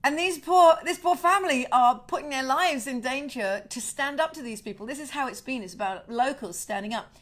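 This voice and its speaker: A middle-aged woman hosting a casual home livestream, telling a story in an indignant, sweary, animated way. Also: sits high, a little fast, few pauses. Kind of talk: casual chat to viewers.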